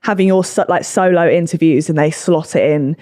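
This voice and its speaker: British woman host, lowish voice, dry close sound, bubbly chat. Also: a little fast, dark tone, no echo. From England. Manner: bubbly, laughs often. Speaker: podcast host. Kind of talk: casual chat.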